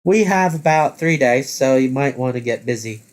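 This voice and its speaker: A man's voice: mid-range voice, lively intonation, normal speed, close to an everyday voice. A man reading a helpful young crew planner. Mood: matter-of-fact.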